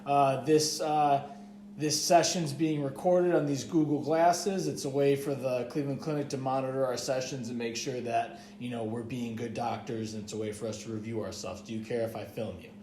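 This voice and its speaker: A man's voice: mid-range voice, a little mellow, a little hiss or hum. A young man in casual podcast chat, spinning a long rambling story in a mid-range voice. He swears freely and leans on "like" every few words. His voice bounces around an echoey room. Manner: rambling, profane, heavy use of "like". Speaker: podcast co-host.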